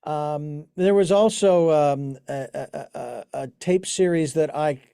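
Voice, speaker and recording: A man's voice: on the high side, measured pace, gravelly, mellow, clean tone, dry recording, studio quality. A man hosting an interview, telling long anecdotes in casual chat with many restarts and fillers. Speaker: podcast host.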